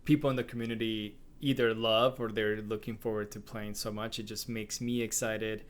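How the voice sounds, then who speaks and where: A man co-hosting a casual video game podcast, gushing and animated, often laughing. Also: fairly low pitch, moderate pace, slight background noise. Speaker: podcast co-host. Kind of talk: casual game review chat.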